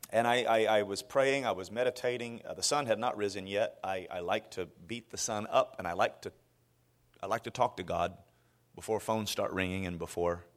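A man from Florida preaching a sermon as a guest preacher, telling stories with lots of restarts. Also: on the low side. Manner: animated storytelling with frequent restarts.

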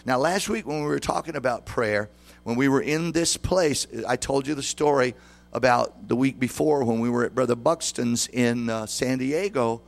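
A man's voice: medium pitch, normal speed, gravelly. A man in his sixties preaching a sermon as pastor, often putting questions to the congregation. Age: 60s.

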